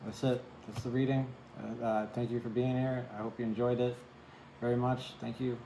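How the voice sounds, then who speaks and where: A man's voice: medium pitch, level tone, normal speed, creaky, roomy sound, noisy background. A man giving a casual tarot reading to camera, chatty, often asking "right?" and apologizing for cursing. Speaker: tarot reader.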